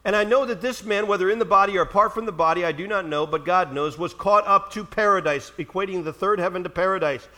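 A man preaching a sermon, walking through scripture and reading passages aloud with slow emphasis. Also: sits high, sharp tone. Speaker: pastor.

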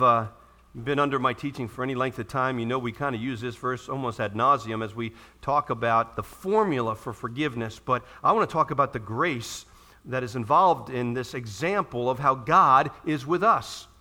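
A male pastor preaching a sermon to his church, animated and acting out the voices of people pleading for forgiveness. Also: on the high side.

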